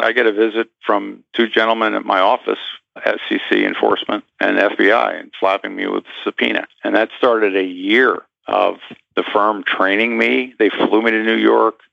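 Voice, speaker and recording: A man's voice: fairly low pitch, gravelly, no room sound, muffled recording. A man guest in an interview, telling a story with animation and acting out the voices of the people in it.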